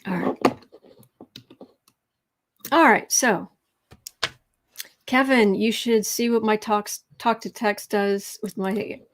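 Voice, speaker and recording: Speaking slowly at medium pitch with frequent pauses, this Southern tarot reader runs a laid-back livestream. Chatty and sarcastic, she reads viewers' comments aloud and murmurs softly as she shuffles the cards.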